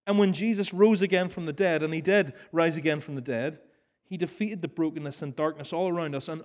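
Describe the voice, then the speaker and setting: A man's voice: a little high, darkish tone. A male pastor preaching an earnest sermon, repeating key phrases for emphasis and then leading a prayer. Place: church hall.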